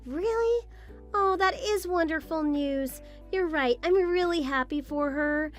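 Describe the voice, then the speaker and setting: A woman's voice: high-pitched, a little slow, soft background music. A woman voicing a patient, apologetic young daughter-in-law in a scripted story drama. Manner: apologetic, polite, gently defensive.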